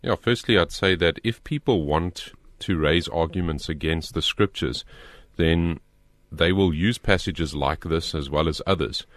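A man with a very low voice answers a listener's question and teaches from the Bible in an earnest, measured way. He reads the scripture passages aloud, with small restarts along the way. The sound is dry and close, with no room echo.

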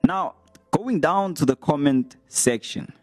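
A young man talking casually to his viewers as a vlogger, retelling comments with animated, laughing delivery. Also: fairly high pitch, takes it slowly, no room sound. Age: young adult. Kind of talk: casual storytelling to camera.

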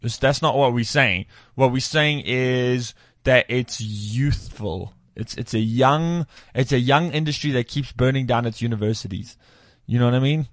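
A man's voice: medium pitch, moderate pace, hardly any pauses, no room sound. A man hosting a comedy podcast, joking and bantering with his co-hosts in a studio. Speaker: podcast host. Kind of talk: casual chat.

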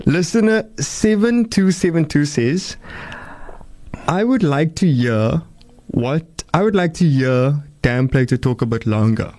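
A man's voice: fairly high pitch, darkish tone. A man hosting a South African radio phone-in, chatting casually and reading out listener messages. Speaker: radio talk show host.

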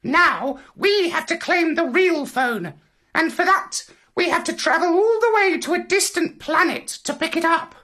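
A shrill know-it-all parrot. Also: male voice, animated, a little slow, sharp tone, exaggerated voice. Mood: bossy, explaining.

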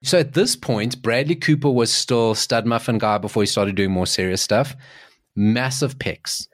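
A man in his forties co-hosting a podcast, telling stories in casual chat, excitable, with many restarts. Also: normal speed, no echo, studio quality. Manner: animated storyteller, jumps in pitch, restarts often. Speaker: podcast co-host.

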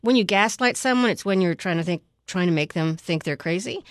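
A woman's voice: fairly low pitch, animated, a little fast, dry recording, clean studio sound. A woman co-hosting a casual movie chat, chatty and prone to digressions about old films. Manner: chatty, digresses into film trivia. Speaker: podcast co-host.

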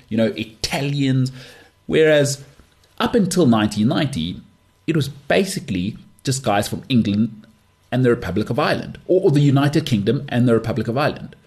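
A man's voice: medium pitch, darkish tone. Emphatic man ranting on sport. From South Africa. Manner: emphatic, dismissive, repeats phrases for effect. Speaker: podcast host. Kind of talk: opinionated solo sports talk.

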